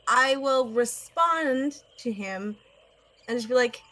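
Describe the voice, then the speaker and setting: A woman playing a tabletop game, talking in an animated, giggly way. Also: a little high, takes it slowly, low-quality recording. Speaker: player.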